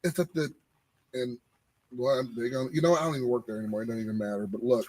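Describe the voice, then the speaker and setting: A man, co-hosting a casual podcast and telling animated stories about his old job. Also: medium pitch, quick pace, rough recording. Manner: animated storytelling, repeating phrases. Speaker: podcast co-host. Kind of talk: casual chat.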